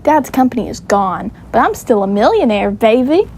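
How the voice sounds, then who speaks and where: A woman's voice: fairly high pitch, very animated, normal speed, a little mellow, a little hiss or hum. A woman voicing a flashy, careless rich uncle with a put-on Southern drawl, boastful and smug.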